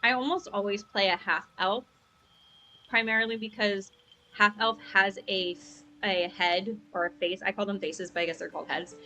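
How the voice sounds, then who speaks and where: A woman's voice: mid-range voice, steady tone, normal speed, sharp tone, slight background noise. Chatty young woman streaming a game. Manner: chatty, rambling, upbeat, with fillers. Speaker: gaming streamer. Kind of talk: casual live-stream chat. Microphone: lavalier mic.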